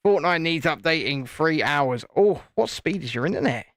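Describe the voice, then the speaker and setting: A British man chats away on a live stream, playful and easygoing, often tripping over and restarting his sentences. His voice sits a little high for a man. The sound is close and dry, with no room around it. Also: lively intonation, normal speed, fairly bright tone, no echo. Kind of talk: casual chat while building Lego live.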